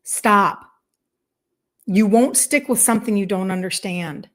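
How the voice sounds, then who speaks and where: A woman's voice: mid-range voice, normal speed, mellow. A woman in her fifties, a health coach talking casually and emphatically to viewers on a live stream, encouraging and faith-tinged, acting out inner voices. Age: 50s.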